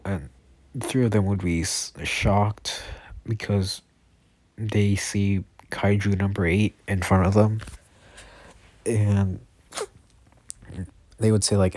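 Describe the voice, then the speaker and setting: A tired man makes up a story as he goes, in a very deep, slow voice. He stops, restarts and corrects himself often. The sound is dry and close. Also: a little mellow, no echo. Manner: halting, self-correcting, many fillers. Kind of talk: improvised fan story narration.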